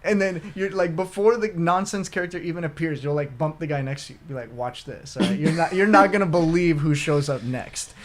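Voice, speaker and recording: A man's voice: fairly high pitch, brisk, few pauses, background noise. A young man co-hosting a casual chat, rambling with many fillers. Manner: rambling, lots of fillers, laughs into put-on voices. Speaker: podcast co-host.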